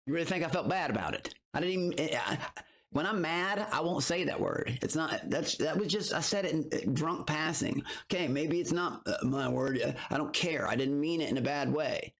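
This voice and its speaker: A man's voice: on the high side, normal speed, gravelly, a bit bright. A man streaming his reactions to recaps, talking in a rambling, heated and profane way. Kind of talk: casual reaction commentary.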